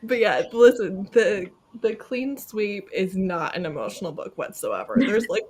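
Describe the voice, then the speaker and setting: Husky woman hosting a chatty live call. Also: mid-range voice, unhurried. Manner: animated storyteller, acting out quotes, laughing often. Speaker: host. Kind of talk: casual chat on a live video call. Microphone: video call.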